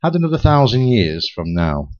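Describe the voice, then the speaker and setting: A man spins big theories on a community radio talk show, circling back and restarting as ideas come to him. His voice sits at an ordinary middle pitch. The broadcast has a slightly dull, lo-fi sound. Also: normal speed. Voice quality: lively, theorizing, many restarts. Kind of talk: rambling speculative radio chat. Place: radio studio.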